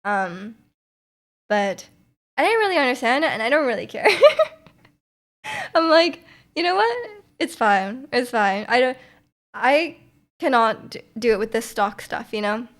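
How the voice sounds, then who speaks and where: Reading out chat messages, a young woman streamer chats casually, rambling with plenty of "like"s, false starts, and frequent laughter. Her voice is fairly high and fairly bright, with big pitch swings, a measured pace, and long pauses.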